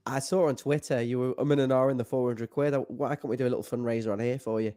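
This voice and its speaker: A middle-aged man talks casually and jokes easily, sometimes breaking into falsetto snatches of song. His voice sits at an ordinary middle pitch. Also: steady tone, fast, warm tone, clear, resonant tone. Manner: jokey, breaks into falsetto singing. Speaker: fan show co-host. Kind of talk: casual chat.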